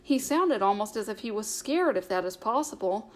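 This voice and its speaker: A woman's voice: medium pitch, animated, normal speed, close to an everyday voice. A woman reading the lines of a shrewd, caring young male hobbit in an audiobook, in a coaxing, knowing manner. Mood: curious.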